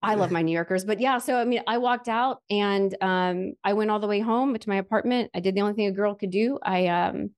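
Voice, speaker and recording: A woman's voice: mid-range voice, fairly quick, hardly any pauses. A woman sharing a personal faith story in a candid, chatty way, full of fillers like "like" and "um", earnest and emotional with touches of self-deprecating humor.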